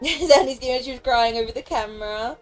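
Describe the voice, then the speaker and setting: A young woman chats casually on a live stream, sharing her opinions at an easy pace. She laughs often and briefly slips into playful voices for characters. Soft music plays quietly behind her. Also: on the high side, brisk, rough recording. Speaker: game streamer.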